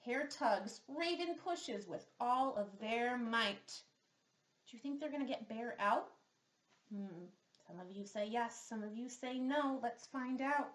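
A woman therapist reading a picture book aloud to young children, stopping to ask questions and to model speech sounds slowly and clearly. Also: fairly high pitch, expressive. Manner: slow, exaggerated sound modeling with questions to the listener. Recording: roomy echo.

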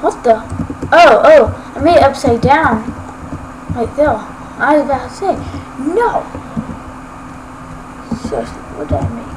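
A woman's voice: sits high, expressive, a little slow, long pauses. A woman giving rambling, casual gameplay commentary as a Let's Play gamer, often ranting at haters. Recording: noisy homemade recording.

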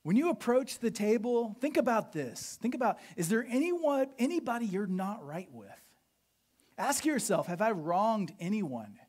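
A pastor preaching a sermon, explaining history with an animated, questioning teaching manner. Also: medium pitch, unhurried. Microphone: podcast recording of a live sermon.

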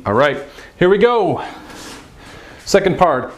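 A man teaching a beginners' Chinese lesson at a whiteboard, talking in an upbeat, direct way and sounding out drill syllables with big swings in pitch. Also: lively intonation, takes it slowly, long pauses.

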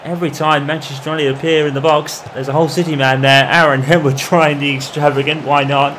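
A man commentating on his own football video game in the manner of a match broadcaster, calling the play and getting loud at goals. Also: fairly high pitch, little pitch movement, a little fast, slight background noise. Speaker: gaming commentator. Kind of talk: mock football match commentary over gameplay.

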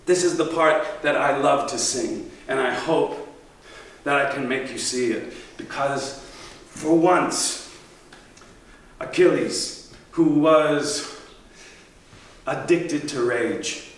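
A man telling a story in a solo stage performance, musing and reflective, with halting pauses. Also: mid-range voice, a little hiss or hum. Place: empty theater stage. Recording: echoey theater, mic far off.

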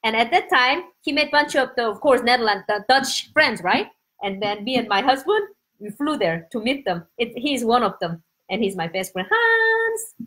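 A middle-aged woman from Korea with a Korean accent, hosting a casual live stream from home, chatty and excitable and greeting viewers by name. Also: a little high, moderate pace, rough recording.

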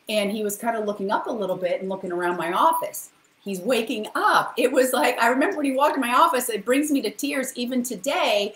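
Animated woman telling stories, echoey room. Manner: animated, emotional, acts out quotes with big pitch jumps. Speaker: practitioner giving a motivational talk. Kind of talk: motivational storytelling.

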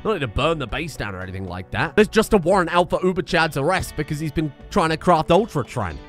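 A young man giving joking, animated commentary on a strategy game he plays, swearing freely. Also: on the high side, fast, soft background music. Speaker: gaming YouTuber. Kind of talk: comedic let's-play commentary.

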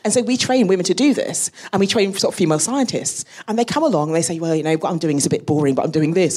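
A woman's voice: fairly low pitch, quick pace, few pauses, husky. A woman space scientist on a live podcast panel, telling stories with laughter. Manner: lively, laughing storyteller. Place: live venue before an audience.

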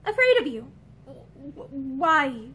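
A flustered young wife, evasive and stammering, read by a woman. Her voice runs high with wide swings in pitch. It has the feel of an old-fashioned storybook read aloud. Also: big pitch swings, slow, fairly bright tone, full character voice. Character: anxious young married woman, nervous and evasive.

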